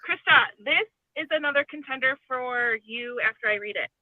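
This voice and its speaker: A woman's voice: high voice, normal speed, no room sound. Casting note: a rambling, hesitant woman who sounds like she is on a phone line, with a dry sound. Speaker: guest on a live stream. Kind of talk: casual chat.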